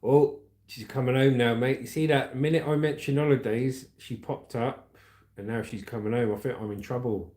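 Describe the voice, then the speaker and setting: Steady in tone and moderate in pace, this mid-range, slightly mellow voice belongs to a chatty livestream host in his forties. He laughs often while reading out comments and news, recorded in an echoey room.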